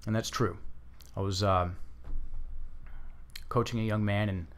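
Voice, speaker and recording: A man in his thirties speaks as a guest on an interview show, explaining his coaching work through a story. His delivery is animated and conversational, and he acts out the lines of the people he quotes. He often restarts his sentences midway. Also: lowish voice, a little slow, clean tone.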